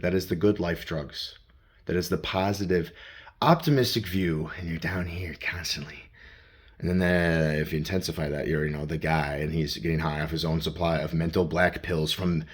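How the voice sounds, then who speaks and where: Filming on a handheld phone, a man with a deep, slightly rough voice vlogs while walking around his home. He rambles and swears, talking to himself in the second person.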